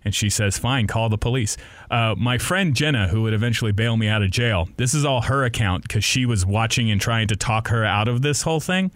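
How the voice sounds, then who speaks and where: A man's voice: on the low side, a little fast, hardly any pauses, no echo. A young man, a radio host, telling a story on a casual podcast, laughing often and acting out the people in it. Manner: laughing often, animated retelling with voices.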